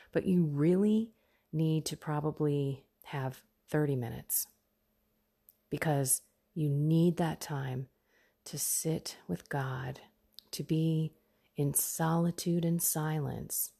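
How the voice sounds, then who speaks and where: A middle-aged woman hosting a faith podcast, giving an earnest pep talk that often drops into soft whispers. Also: low-pitched. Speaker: podcast host.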